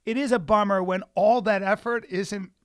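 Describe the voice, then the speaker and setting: A man's voice: sits high, fairly even intonation, moderate pace, clear, resonant tone, no room sound, clean studio sound. A middle-aged man, a stand-up comedian co-hosting a podcast, talking in candid, meandering, hesitant runs. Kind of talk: casual podcast chat.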